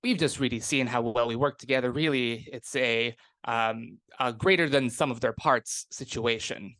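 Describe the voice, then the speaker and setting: A man's voice: medium pitch, normal speed, fairly bright tone, dry recording, close to an everyday voice. A man voicing a cocky young noble monster hunter who talks in a breezy, boastful way.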